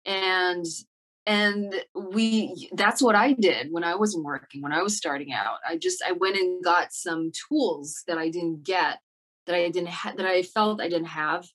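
Low-voiced woman actor, reflective. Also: measured pace, fairly bright tone. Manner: reflective, many fillers and restarts. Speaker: actor, interview guest. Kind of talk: casual interview talk. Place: Montreal.

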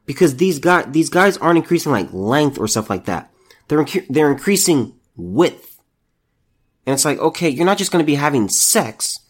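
A male podcast host delivers solo commentary in an incredulous, ranting way. His pitch swings widely as he talks, and he restarts his sentences over and over. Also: big pitch swings, moderate pace.

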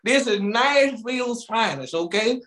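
A man's voice: extremely high pitch, lively intonation, unhurried, a bit bright. A man co-hosting a casual talk show, joking and acting out little scenes. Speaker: radio show co-host. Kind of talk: casual podcast banter. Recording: roomy echo.

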